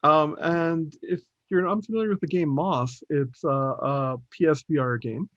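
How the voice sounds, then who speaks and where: A man's voice: a little high, unhurried, fairly bright tone, dry recording. A man co-hosts a laid-back gaming podcast. He rambles and chuckles, leaning on fillers as he thinks aloud. The audio is dull and bone dry, with no room sound. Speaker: podcast co-host. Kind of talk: casual gaming podcast chat.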